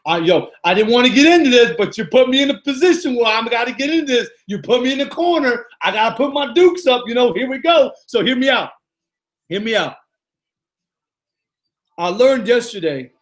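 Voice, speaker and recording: High-voiced, exuberant male motivational coach. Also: lively intonation, normal speed, a bit bright. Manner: exuberant, repetitive, peppered with "yo" and "man". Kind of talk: live motivational talk, greeting viewers.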